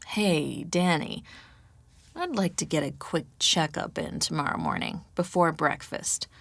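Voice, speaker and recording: An easygoing, friendly man with a relaxed manner, as a woman narrator lowers her voice for him. His voice sits lower and quieter than the narration around him. The read is dry and close. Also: a little slow, gravelly, no echo, heavily acted.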